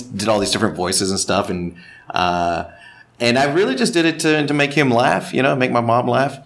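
A man's voice: lowish voice, fairly bright tone. A man from Texas, a voice actor, chatting in an interview with easy self-deprecating humor. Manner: self-deprecating, slips into voice impressions. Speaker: voice actor and director. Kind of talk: relaxed interview chat.

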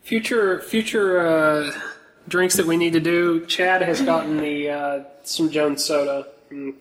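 A man co-hosting a casual podcast, talking in an excitable, joking way. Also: a little high, measured pace, rough recording. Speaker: podcast co-host.

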